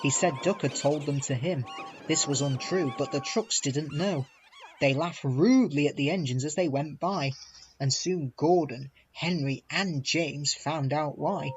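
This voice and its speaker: A man reading a children's storybook aloud in a measured, plain narrating voice. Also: fairly high pitch, slight background noise. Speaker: storybook reader.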